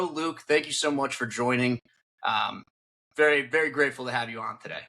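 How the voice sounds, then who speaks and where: A man's voice: a little high, moderate pace, bright, forceful tone. A young man hosting a podcast, loose and swearing in casual chat. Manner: loose, swearing, enthusiastic host. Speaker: podcast host.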